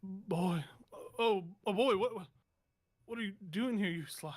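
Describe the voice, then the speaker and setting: A man's voice: high-pitched, moderate pace, voice pushed up, lightly acted. A man voicing a wounded, rugged male adventurer who is coming in and out of consciousness and talks in a drowsy, wry way. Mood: dazed. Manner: drowsy, wry, half-delirious.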